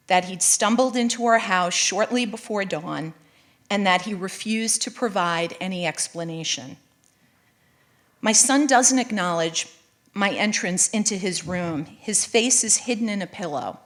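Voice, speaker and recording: Woman reading her memoir aloud. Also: mid-range voice. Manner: measured, earnest storytelling. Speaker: writer reading her own essay. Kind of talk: live reading of a personal memoir. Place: college event space, live audience.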